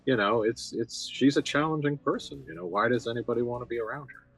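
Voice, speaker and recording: A man talking thoughtfully about a film in a measured way, with hesitant fillers and faint music underneath. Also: medium pitch, a bit bright, breathy edge, rough recording. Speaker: podcast co-host. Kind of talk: casual film discussion.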